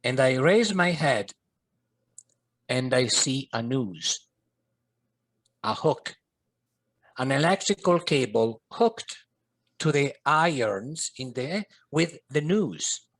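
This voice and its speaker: A man's voice: medium pitch, lively intonation, slow, long pauses, fairly bright tone. A middle-aged man, a podcast guest and coach, telling a personal story in an earnest, vivid way. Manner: earnest, vivid, slips in Italian and French phrases.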